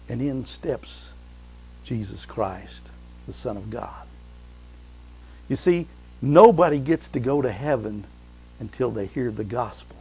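A man preaching a sermon, retelling stories with animated swings from loud emphasis to hushed, quiet passages. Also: medium pitch, slow, long pauses, slightly rough, poor audio.

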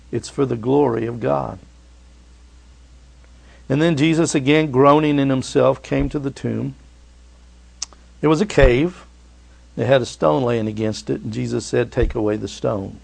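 A man preaching a sermon to his church, swinging from loud urging to hushed, tender lines. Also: medium pitch, gravelly. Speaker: pastor.

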